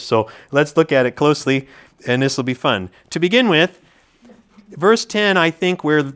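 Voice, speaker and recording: A man preaching an expository sermon to a congregation, teacherly and animated, joking with the room. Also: fairly high pitch.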